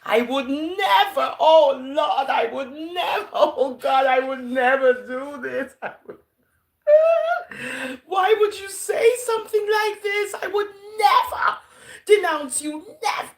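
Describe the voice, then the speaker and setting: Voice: slow, creaky, hardly any pauses, roomy sound, heavily acted. A preacher voicing Peter as a grown man who pleads in tears that he would never deny his teacher. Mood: tearful pleading. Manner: high, wailing, pleading denials.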